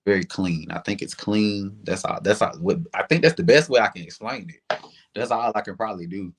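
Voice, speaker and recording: Southern guy, kinda low voice, chatty singer on an interview, says like a lot. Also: brisk, slightly rough. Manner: animated, chatty, drawling with many "like" fillers. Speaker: singer guest. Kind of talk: casual interview chat.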